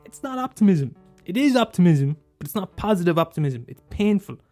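A man talking casually and passionately about films, swearing freely and jumping up into high exclaims. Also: big pitch swings, fairly quick, a little mellow, soft background music. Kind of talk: casual film chat.

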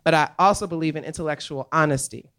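A woman's voice: low voice, quick pace. An adult American woman, the guest on a live podcast recorded on a comedy club stage, talking emphatically and laughing easily. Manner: animated, emphatic storyteller with laughter.

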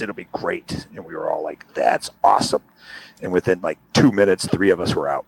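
A young man telling a long casual story over a call, acting out the quotes with sudden high voices. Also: fairly quick, creaky, breathy edge, low-quality recording. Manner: animated, acts out quotes with big jumps in pitch. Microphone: remote call audio.

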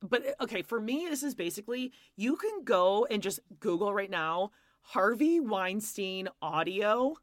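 A woman's voice: medium pitch, expressive, a little slow, no room sound, studio quality. A woman co-hosting a podcast, casually recapping reality TV and acting out quotes with exaggerated voices. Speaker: podcast co-host.

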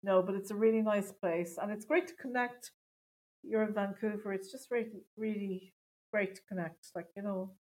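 A woman's voice: medium pitch, fairly even intonation, moderate pace, a little mellow, rough recording. Chatty Irish woman, self-mocking. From Ireland. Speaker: stand-up comedian, guest. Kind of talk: casual interview chat.

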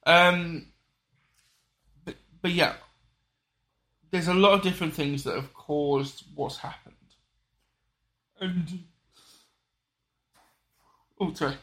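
Man, fairly high voice, casual podcast chat, rambling, restarts a lot, says sorry often. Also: steady tone, slow pace, pauses often, sharp tone. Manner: rambling, restarts sentences, apologetic asides.

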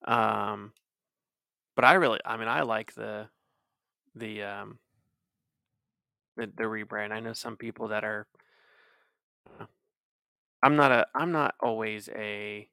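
A man's voice: on the low side, steady tone, slow pace, vocal fry, pauses often, sharp tone, clean tone, no echo, clean studio sound. A man in his thirties co-hosting a podcast, chatting casually and rambling with lots of fillers and restarts. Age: 30s. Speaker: podcast co-host. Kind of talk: casual chat.

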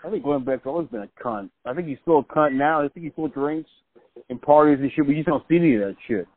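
A man's voice: a little high, animated, fast talker. Tipsy swearing man on a phone line. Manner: swearing, loose, tipsy banter. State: drunk. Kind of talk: casual chat. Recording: phone-like lo-fi call audio.

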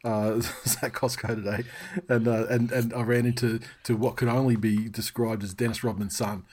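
A man's voice: medium pitch, level tone, normal speed, a little mellow, a little hiss or hum. A middle-aged man co-hosting a podcast, chatting casually in a rambling, self-interrupting way, swearing freely and laughing often. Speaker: podcast co-host.

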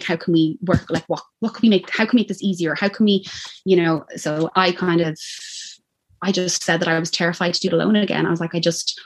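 Fast-talking Irish woman. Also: lowish voice. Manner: animated, acts out quoted lines. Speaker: guest telling her birth story. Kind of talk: casual personal storytelling.

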